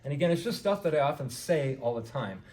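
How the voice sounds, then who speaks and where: Speaking fast and expressively in a slightly high, somewhat mellow voice, a garden club speaker and author gives a relaxed lecture. He quizzes the audience and keeps saying "you know." The sound comes from far back in an echoey indoor meeting hall full of listeners.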